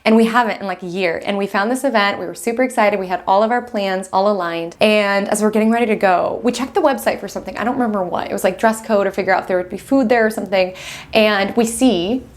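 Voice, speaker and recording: A young woman talks animatedly about the week ahead, chatty and quick to laugh. Her voice sits at an ordinary middle pitch. She speaks from a room at home with the window open. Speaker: astrology host. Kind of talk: casual astrology vlog talk.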